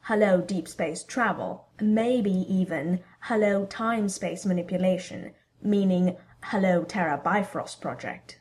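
A woman's voice: mid-range voice, measured pace, lightly acted. A woman voicing an absent-minded, absorbed female scientist in a storybook reading. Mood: excited. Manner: absent-minded, eager when excited.

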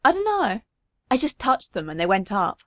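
A woman's voice: mid-range voice, wildly swooping pitch, moderate pace, fairly bright tone, no echo, studio quality. A woman reading aloud, voicing a cheerful young girl who answers in a shrugging, childlike way. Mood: puzzled.

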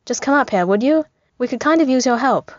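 A cool, brisk woman who gets straight to the point, as a narrator puts her on. Dull, dry audio. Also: high-pitched, lively intonation, dry recording, pitched above the performer's own voice.

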